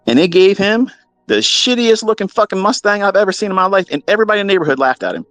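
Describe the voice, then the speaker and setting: A man telling a story in a profane, animated, mocking way, as a trading mentor talking to his audience. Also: sits high, quick pace, dry recording, faint music behind. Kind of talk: casual storytelling monologue.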